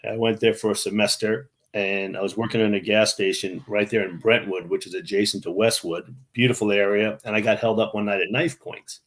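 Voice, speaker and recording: A man's voice: on the low side, steady tone, brisk, few pauses. A middle-aged man from New York, a guest on a video-call interview, telling chatty anecdotes full of restarts and mimicking the people in his stories. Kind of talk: casual storytelling.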